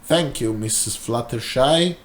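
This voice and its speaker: Pompous, condescending male mogul, slow and deliberate, read by a man doing the voices. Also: mid-range voice, natural voice. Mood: smug. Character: smug all-powerful male corporate boss.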